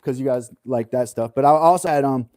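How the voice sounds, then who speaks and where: A man hosting a relaxed livestream with a mid-range voice. He talks loosely and jokes a lot, laughing often between his thoughts. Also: mid-range voice, brisk. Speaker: livestream host. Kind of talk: casual chat.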